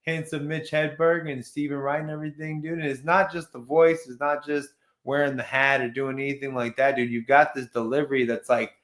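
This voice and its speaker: A man in his thirties from Texas, hosting a live chat show, talking in a loose, slangy way with swearing and quick laughs. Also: mid-range voice, level tone, a bit bright, echoey room. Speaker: host. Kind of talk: casual chat.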